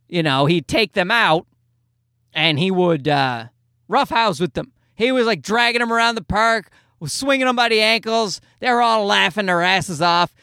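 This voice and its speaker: Guy with a high voice doing a sweary comedy podcast rant, dry close sound. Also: pushed and bright, dry recording. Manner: rambling, profane, self-deprecating. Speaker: podcast host and stand-up comedian. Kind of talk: comedic storytelling.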